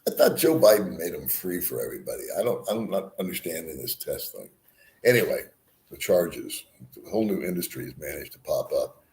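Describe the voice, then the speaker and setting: A man's voice: low-pitched, sing-song, fairly quick, darkish tone, echoey room, slight background noise. An older man vlogging, telling a rambling travel story, swearing freely and chuckling at himself. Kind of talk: casual storytelling.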